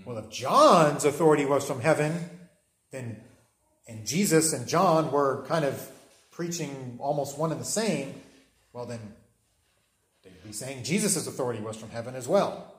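A man's voice: medium pitch, expressive, a little slow, pauses often, fairly bright tone. A man preaching a conversational sermon, often restarting phrases and checking in with "right?". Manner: conversational, repeats words, often asks "right?".

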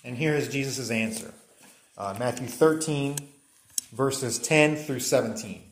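Man, pastor, sermon, mid-pitched voice, conversational restarts, reads scripture, echoey room. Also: a little slow, a little hiss or hum.

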